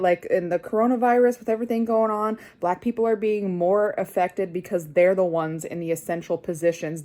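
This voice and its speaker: A woman's voice: mid-range voice, dark tone. A young woman vlogger delivering an angry personal rant, swearing constantly and getting more heated.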